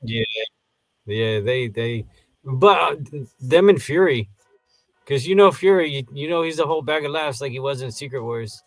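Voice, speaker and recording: A man co-hosting a casual movie review, giving relaxed commentary. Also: medium pitch, moderate pace, soft background music. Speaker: co-host.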